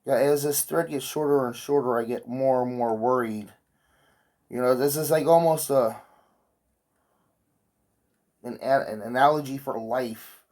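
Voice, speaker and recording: A man's voice: medium pitch, measured pace, pauses often, darkish tone. A man vlogging while he sews, telling a meandering story in an offhand way and swearing casually.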